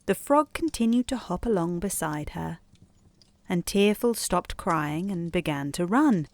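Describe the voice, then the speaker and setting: A woman reads a calm bedtime story, soft and soothing yet expressive, her voice rising and falling with the tale. She keeps a slow, lulling pace, recorded dry and close. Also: on the low side, no echo. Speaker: storyteller and podcast host.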